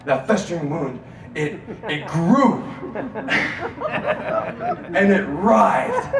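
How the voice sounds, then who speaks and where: A man giving an inspirational speech to a live audience in a student lounge, rousing the crowd into call-and-response chants and swinging between loud and hushed delivery. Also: on the high side, very animated, very slow, gravelly. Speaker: motivational speaker. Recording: roomy, distant mic, audience and room noise.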